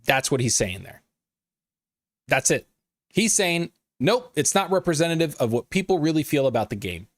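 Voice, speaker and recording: A man's voice: a little high, moderate pace, no echo, clean studio sound. A man hosting a live gaming news stream, talking casually with lots of swearing and riffing with his chat. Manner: profane, animated, riffs and laughs at chat.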